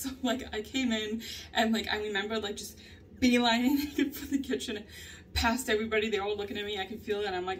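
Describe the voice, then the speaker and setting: A woman's voice: mid-range voice, steady tone, fairly quick, far from the mic, a little hiss or hum. A young woman talking candidly in a personal journal vlog, rambling and laughing often as she tells her story. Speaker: vlogger.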